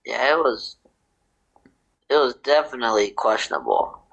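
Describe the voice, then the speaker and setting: A man's voice: mid-range voice, big pitch swings, moderate pace, creaky, a bit bright, breathy edge, rough recording. A man co-hosting a casual sports podcast, joking and mocking as he talks. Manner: joking, mocking, acts out quotes. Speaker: podcast co-host.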